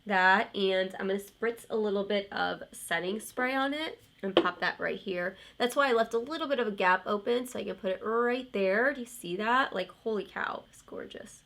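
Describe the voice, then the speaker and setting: A woman in her thirties talks through her makeup routine at home in a loose, candid way. Her voice sits at an ordinary middle pitch. She wanders off into rambling side stories and lets the odd swear word slip. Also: a bit bright. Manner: chatty and candid, rambling asides, mild swearing. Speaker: beauty vlogger. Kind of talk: casual chat while doing a makeup tutorial.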